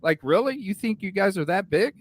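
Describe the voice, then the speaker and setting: A man's voice: high voice, lively intonation, fairly quick, no echo. A man hosting a live podcast, ranting heatedly and cursing constantly, often asking "you know what I'm saying?". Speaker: podcast host. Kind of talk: heated live-stream rant.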